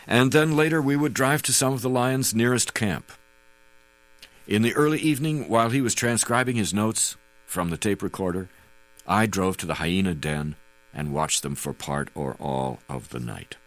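A man reading a first-person memoir aloud as an audiobook narrator, in a measured, unhurried way. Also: lowish voice, a bit bright, low-quality recording.

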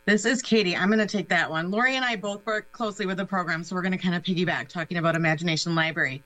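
A woman's voice: on the low side, very fast, pushed and bright, no echo, rough recording. A woman speaking as a guest on a local radio show, upbeat and explaining a program, with many "um" fillers. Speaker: guest, nonprofit special projects director. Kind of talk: casual radio interview.

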